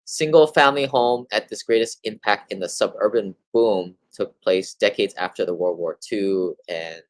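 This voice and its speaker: Deep-voiced man giving a casual market update. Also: normal speed, no room sound, low-quality recording. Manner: casual, rambling with fillers and restarts. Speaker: real estate investing host. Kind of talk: monthly market update talk.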